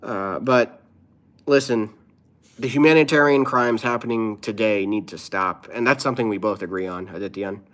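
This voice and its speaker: A man's voice: fairly low pitch, moderate pace, a bit bright. A man who is a comedian, live streaming and answering his viewers' chat in an earnest, opinionated way.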